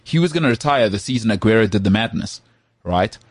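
A man co-hosting a podcast, talking football in an animated, joking way. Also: fairly low pitch, breathy edge, no room sound, clean studio sound. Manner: animated, jokey, does quick impressions of others. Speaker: podcast co-host. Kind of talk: casual sports chat.

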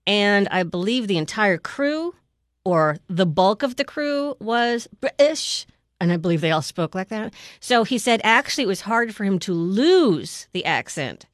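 A woman's voice: medium pitch, very animated, measured pace, no room sound, studio quality. A woman co-hosting a casual movie chat, chatty and prone to digressions about old films. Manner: chatty, digresses into film trivia. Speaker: podcast co-host.

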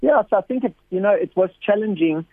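A man's voice: high-pitched, quick pace, husky, no room sound. A man, a missionary guest telling stories with lots of energy and repeated words. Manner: animated storyteller, repeats words often, acts out quotes with a raised voice. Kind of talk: storytelling interview. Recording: tinny phone line.

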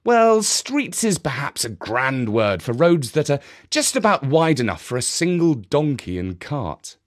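A man narrating a children's story in a gentle, expressive way. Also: on the high side, measured pace.

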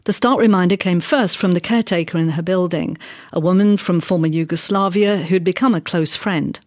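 A woman reporter narrating a feature in a measured, factual way and asking questions. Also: fairly low pitch, darkish tone, no echo, studio quality. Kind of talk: scripted narration.

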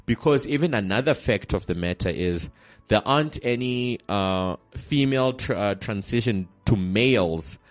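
A man co-hosting a podcast in casual chat, halting often with fillers and restarts. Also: lowish voice, faint music behind. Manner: animated, halting with many fillers. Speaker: podcast co-host.

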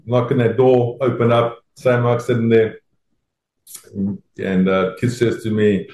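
A South African man, a former rugby player, telling an animated, self-deprecating anecdote and acting out the voices of the people in it. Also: mid-range voice, unhurried, a little hiss or hum. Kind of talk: anecdotal storytelling. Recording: roomy echo.

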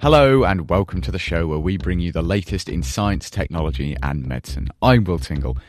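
A man presenting a science podcast, reading a scripted introduction in a measured, upbeat way. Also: low-pitched, lively intonation, soft background music. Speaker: podcast host. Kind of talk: scripted show narration.

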